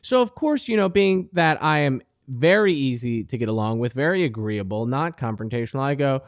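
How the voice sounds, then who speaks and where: A man's voice: fairly high pitch, big pitch swings, a little fast, few pauses, no room sound, studio quality. A young man hosting a podcast, telling a profane comic story, crude and indignant. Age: young adult. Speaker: podcast host. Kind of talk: comedic storytelling monologue.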